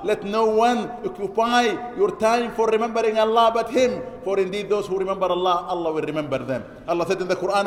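A man with a high, quick voice delivers an Eid sermon in a large mosque hall, his words ringing with long reverb. He exhorts the congregation, repeating key lines for emphasis and rattling off Arabic verses at speed. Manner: chants Arabic scripture quotes quickly. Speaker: imam preaching.

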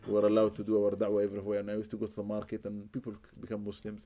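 A man's voice: lowish voice, completely flat delivery, racing, mellow. A man, a Muslim spiritual healer, telling a story in an interview, with Arabic religious phrases and repeated words for emphasis.

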